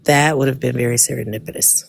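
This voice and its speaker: A woman's voice: very deep voice, fairly even intonation, fast, vocal fry. A woman in casual chat on a live stream, teasing and sarcastic.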